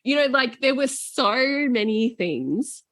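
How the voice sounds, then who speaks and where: A woman in her forties with an Australian accent, a podcast guest telling family travel stories in a lively, casual way, swearing freely. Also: on the high side, unhurried, no room sound, clean studio sound. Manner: animated, swears casually, laughs often. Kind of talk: casual storytelling.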